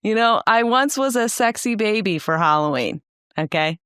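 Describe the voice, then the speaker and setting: A woman's voice: mid-range voice, animated, moderate pace, fairly bright tone, smooth, no room sound, studio quality. A young woman co-hosting a podcast, chatting casually with playful, teasing banter. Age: young adult. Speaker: podcast co-host. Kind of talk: casual chat.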